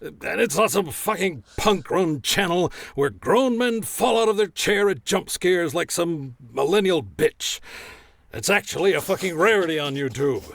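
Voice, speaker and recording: An actor playing a crude, hard-drinking middle-aged arena announcer who talks in a blustering, profane, indignant way. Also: male voice, sits high, creaky, fairly bright tone, no room sound, heavily acted. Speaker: announcer recording an ad spot. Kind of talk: comedy skit acting.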